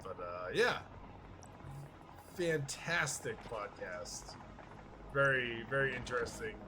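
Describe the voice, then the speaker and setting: A man's voice: mid-range voice, sing-song, slow pace, music in the background. A man hosting a casual chat, rambling and swearing, often laughing and acting out what people said. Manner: rambling, profane, laughs a lot, acts out quotes. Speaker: podcast host.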